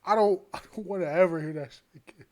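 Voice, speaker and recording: A man's voice: sits high, quick pace, a little mellow. A man reacting to a show in a casual, exasperated way, slangy and swearing. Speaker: show reviewer.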